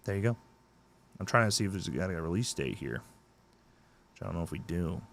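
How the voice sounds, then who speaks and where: A man's voice: low voice, expressive, quick pace, fairly bright tone, slight background noise. A man co-hosting a live horror news stream, chatting casually, jokey and swearing freely. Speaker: horror news podcast co-host.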